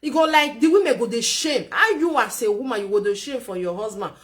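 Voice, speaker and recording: Woman vlogger, Nigerian Pidgin accent, fairly high voice, preachy chatty advice delivery. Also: lively intonation, a little fast. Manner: chatty, lecturing, repeats herself for emphasis. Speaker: vlogger giving relationship advice. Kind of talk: casual commentary.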